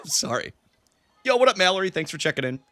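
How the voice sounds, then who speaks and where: A man's voice: sits high, big pitch swings, rapid-fire, bright, forceful tone, no echo. A young man casually commenting on a game he is live-streaming, greeting viewers in chat by name and using lots of fillers.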